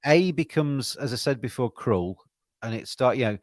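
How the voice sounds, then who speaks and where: A man's voice: medium pitch, animated, moderate pace, dry recording, clean studio sound. A man co-hosting a podcast, talking cricket in an earnest, rambling way with frequent restarts. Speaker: podcast co-host. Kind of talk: casual cricket chat.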